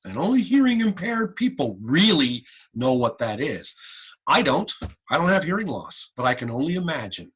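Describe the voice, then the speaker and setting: A man's voice: on the high side, moderate pace, husky, muffled recording. A middle-aged man giving an online lecture on a video call, playful and demonstrative as he teaches. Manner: animated, playful teaching with repeated "guess what" and sound demonstrations. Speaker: hearing-instrument instructor.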